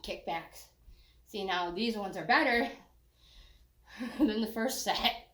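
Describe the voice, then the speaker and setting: A woman's voice: medium pitch, slow, a bit bright, reverberant. An older woman leading a walking workout. She is out of breath, jokes, and sighs between her encouraging cues. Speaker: fitness instructor.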